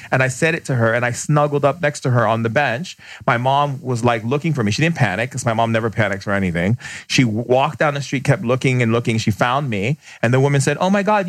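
A man, a podcast guest who is a shaman, telling stories in conversation, blunt and emphatic, often acting out the people he quotes with sudden jumps in pitch. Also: no room sound. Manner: emphatic, blunt, fast bursts. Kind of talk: animated storytelling in conversation.

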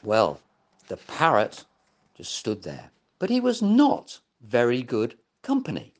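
A gentle male storyteller reading a children's story aloud. He takes his time and his pitch rises and falls widely, making every sentence expressive. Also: slow pace.

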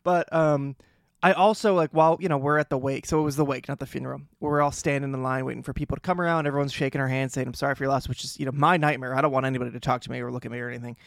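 A young man co-hosting a podcast, telling stories in a lively way and laughing often. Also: medium pitch, racing, vocal fry, no room sound, clean studio sound. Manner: animated storytelling with laughs. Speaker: podcast co-host. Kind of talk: casual chat.

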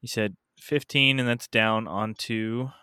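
A man's voice: fairly low pitch, steady tone, unhurried, bright, forceful tone, clear, resonant tone, no room sound, studio quality. A man playing a tabletop game, thinking aloud and hesitating as he asks about his options. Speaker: player. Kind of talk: casual chat at a game table.

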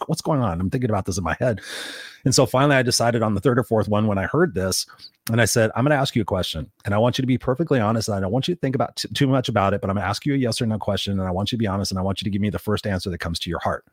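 A middle-aged man speaks quickly in an unscripted solo podcast. His delivery is blunt and emphatic, with free swearing and repeated phrases for stress. The recording is dry and close, with no room sound. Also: lowish voice, no room sound. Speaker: podcast host and coach.

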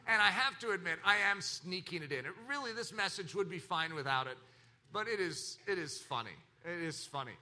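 A man preaching a sermon, swinging between loud exclaiming and hushed lines, with acted laughter and quoted voices. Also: high-pitched, expressive, brisk. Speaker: pastor.

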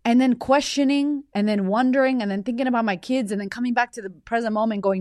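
A woman's voice: a little high, fast, few pauses, darkish tone, no room sound. Woman host, 30s, raw and emotional storyteller who swears a lot, dry close sound. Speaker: podcast host. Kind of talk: personal storytelling monologue.

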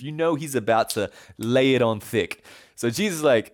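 A man's voice: medium pitch, lively intonation, brisk. A man preaching a casual, humorous sermon as pastor, chatty and playful, laughing as he retells stories.

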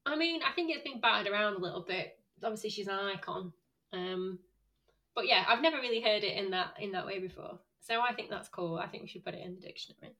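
A woman with a Northern English accent co-hosting a podcast in casual chat, giddy and quick to giggle. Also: mid-range voice, bright, forceful tone, rough recording. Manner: giggly, bubbly, quick to laugh. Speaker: podcast co-host.

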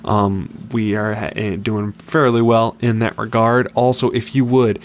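A man co-hosting a casual fight podcast speaks in a lowish voice. He talks confidently and upbeat about his picks and bets. A faint hum sits under the recording. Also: flat delivery, unhurried. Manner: confident, upbeat betting talk. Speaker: podcast co-host.

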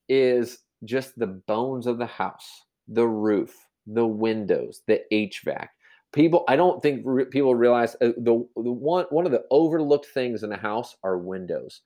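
Guy rambling thru real estate tips, lowish voice, lots of ums and restarts. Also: a little mellow. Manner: rambling, explanatory, many restarts and fillers. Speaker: real estate agent guest. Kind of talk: casual podcast chat.

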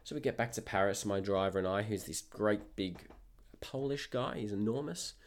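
A man's voice: fairly low pitch, normal speed. A man who works as a tour guide, telling a story and animatedly acting out the dialogue. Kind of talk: storytime narration.

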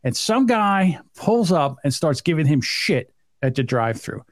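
A male podcast co-host with a high, lively voice, talking emphatically in casual chat. The recording is dry and close. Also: a little slow, no room sound. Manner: animated, emphatic storytelling.

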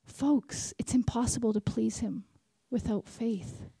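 High, dry-voiced woman preaching. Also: unhurried, gravelly, breathy edge, dry recording. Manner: animated, repeats key lines, asks the crowd questions. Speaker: conference speaker. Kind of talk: sermon.

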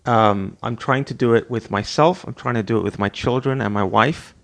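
A man's voice: medium pitch, moderate pace, vocal fry. A middle-aged man, the host, giving an earnest motivational talk, repeating his points and now and then acting out what a scolding parent says. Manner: earnest, repetitive, acts out scolding parent voices. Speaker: podcast host. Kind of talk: motivational monologue.

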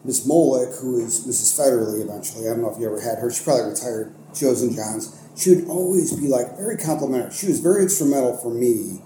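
A man's voice: medium pitch, fast talker, hardly any pauses. A young man from Ohio, an art teacher and coach, telling stories in a casual podcast interview, rambling with many fillers and restarts. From Ohio, United States. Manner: rambling, animated, many fillers and self-corrections. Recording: echoey room with faint noise.

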